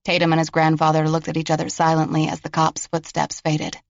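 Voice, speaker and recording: A man narrating a mystery thriller audiobook in a steady, even storytelling way. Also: fairly high pitch, brisk, creaky, no room sound, highs cut off. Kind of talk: scripted narration.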